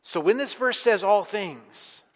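A man in a church with a fairly high voice preaches his sermon, chatty and emphatic, sometimes sinking to a hushed, intense tone. His voice rings out with a long reverb in the large hall. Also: expressive, slow. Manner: conversational, emphatic, drops to quiet intensity. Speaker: pastor.

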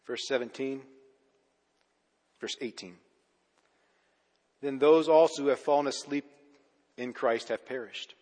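A man preaching a sermon as pastor, pressing hard on key words and then dropping low and quiet at the ends of his points. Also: fairly even intonation, measured pace, long pauses, long reverb tail. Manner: emphatic, swinging between loud urgent stresses and low quiet endings.

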